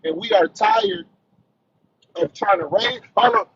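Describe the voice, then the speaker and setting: A very high-pitched, gravelly man rants like a preacher. His voice leaps wildly up and down. The sound is muffled and lo-fi. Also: wildly swooping pitch, unhurried, background noise. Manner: emphatic, preachy, swings high and low. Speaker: panelist on a live audio discussion. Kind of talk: heated ranting.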